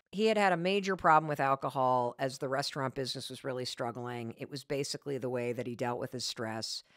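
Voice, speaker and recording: Emphatic woman with a lively low voice. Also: no echo, studio quality. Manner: emphatic, repeats key points, self-mocking storyteller; candid with mild profanity. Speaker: podcast host. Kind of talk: motivational talk.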